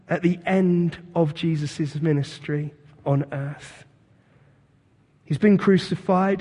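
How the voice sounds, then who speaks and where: A man preaching a sermon as pastor, retelling scripture as a vivid, animated story. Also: a little high, slightly rough, big-room sound. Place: church.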